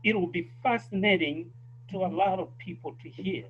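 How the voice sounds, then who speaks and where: A man with a South African accent makes his points thoughtfully and with emphasis. His voice is notably high for a man. The sound is muffled and lo-fi, with a faint hum underneath. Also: moderate pace. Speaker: guest. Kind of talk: casual conversation.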